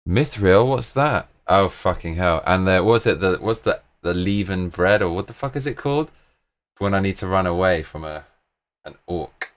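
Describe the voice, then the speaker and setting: A man's voice: sits low, animated, normal speed. A British man hosting a live stream, rambling casually with plenty of swearing and slang.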